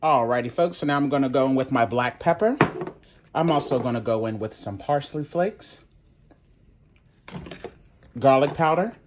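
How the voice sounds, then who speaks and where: A man's voice: medium pitch, normal speed, pauses often, background noise. A man hosting a home cooking video, walking viewers through a recipe in a chatty, sassy way, calling them y'all and honey. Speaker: cooking channel host. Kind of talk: casual cooking tutorial.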